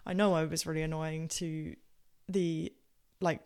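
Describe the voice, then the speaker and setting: A woman with a posh southern English accent hosts her podcast and tells personal stories. Her voice sits a little low and has a strong vocal fry. She rambles along with plenty of fillers and self-corrections. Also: little pitch movement, a little slow, a little mellow. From Southampton, England. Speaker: podcast host. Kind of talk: casual personal storytelling.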